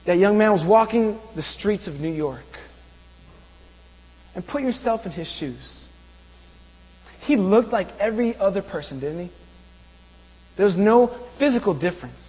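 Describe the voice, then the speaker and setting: A pastor preaching a sermon, asking the congregation rhetorical questions. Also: male voice, sits high, lively intonation, unhurried, long pauses, husky. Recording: dull reverberant room with mains hum.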